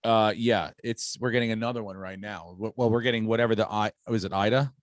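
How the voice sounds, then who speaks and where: Profane, animated man telling stories. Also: fairly low pitch, brisk, dry recording, studio quality. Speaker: podcast host. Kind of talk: casual podcast chat. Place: home on Long Island, New York.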